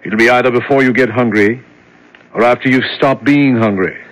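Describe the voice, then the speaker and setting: An actor playing a matter-of-fact male jailer who talks in a flat, dry, unbothered way, 1970s radio drama style. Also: medium pitch, fairly quick, lightly acted, low-quality recording. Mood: cool.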